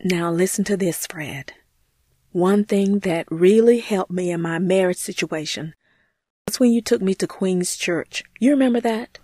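A woman's voice: fairly low pitch, a little slow, warm tone, breathy edge, no room sound, clean studio sound. A woman voicing an earnest, grateful churchgoing woman in an amateur audio drama, speaking heartfelt and sincere. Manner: heartfelt, earnest, often says his name.

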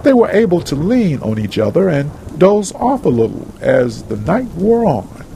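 A man's voice: a little high, very animated, normal speed, creaky, dark tone, slight background noise, low-quality recording. A man reading a story aloud in a plain, earnest storybook narration.

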